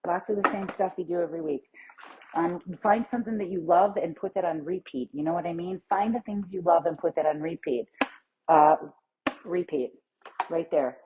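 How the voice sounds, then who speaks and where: A woman's voice: lowish voice, moderate pace, slight background noise. A middle-aged woman giving a chatty, upbeat pep talk as a nutrition coach on a live stream. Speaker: plant-based nutrition coach. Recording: dull lo-fi live stream audio.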